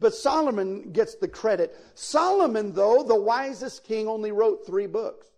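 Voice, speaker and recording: A male pastor delivers his sermon in an unhurried, deliberate way, his voice high and edged with gravel. He leans toward his listeners, asking them directly if they follow, and pushes into sudden loud emphatic peaks. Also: animated. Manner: preaching with sudden emphatic swells; folksy, addresses listeners directly.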